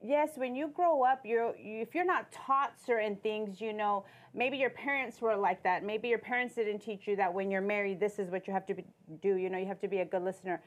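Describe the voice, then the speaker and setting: A woman's voice: mid-range voice, fairly quick, few pauses. A woman giving faith-based marriage advice in casual conversation, chatty and laughing between thoughts.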